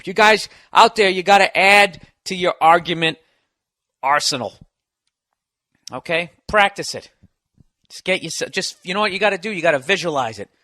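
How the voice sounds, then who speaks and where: Male podcast host, forceful bright voice, foul-mouthed riffing advice, dry close sound. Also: high voice, dry recording. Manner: profane, riffing and emphatic. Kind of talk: comedic advice rant.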